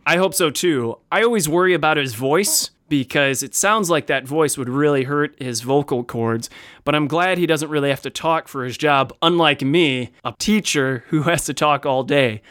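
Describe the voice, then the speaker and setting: A man's voice: fairly high pitch, normal speed, no room sound, clean studio sound. Playful man co-hosting a podcast. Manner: playful, jokey, animated asides. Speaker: podcast co-host. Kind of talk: casual podcast chat.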